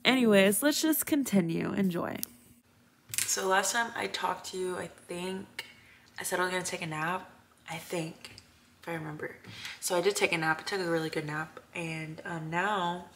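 With a little hiss or hum in the audio, a young woman talks casually to a phone held at arm's length. Her pitch is fairly low, and her vlog chatter is slangy, full of "bro" and "like," as she goes through stores and her apartment.

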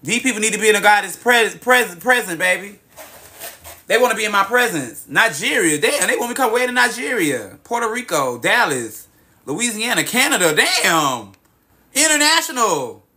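A young man hosts a casual livestream, reading out viewers' cities and chatting in an excitable, profane, drawling way, calling everyone baby and girl, into a phone mic. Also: high-pitched, normal speed. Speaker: livestream host.

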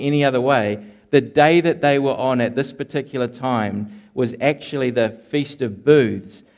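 A man preaching an expository sermon, earnest and deliberate, slowing down to stress key lines and sometimes repeating words as he restarts a phrase. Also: mid-range voice, darkish tone. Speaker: pastor.

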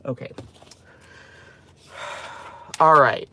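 A man presenting a craft channel, chatting casually and rambling excitedly as he walks through a product. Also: a little high, moderate pace, a little hiss or hum.

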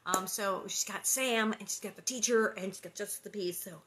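A woman who reads a book aloud online chats casually between chapters in a medium-pitched, slightly bright voice, with a little hiss or hum in the recording. Her talk rambles, full of "um"s and quick little laughs.

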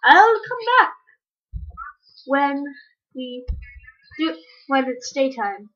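A woman giving casual, rambling commentary while playing a game, breaking into sudden excited yelps. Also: sits high, drawn-out words, long pauses. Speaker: gamer. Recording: dull lo-fi recording.

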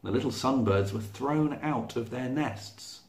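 A male storyteller reading a picture book aloud to children, unhurried and expressive. His voice carries a gravelly texture at a middle pitch, and the room gives it a noticeable echo. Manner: slow, clear, expressive read-aloud. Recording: echoey room.

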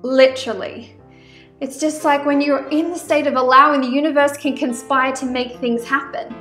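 A chatty Australian woman with a high, bright voice rambles through an oracle card reading for her vlog, full of "um" and "like" asides. She sounds like she is in an echoey room, and soft music plays faintly behind her. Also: steady tone, moderate pace. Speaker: spiritual vlogger reading oracle cards.

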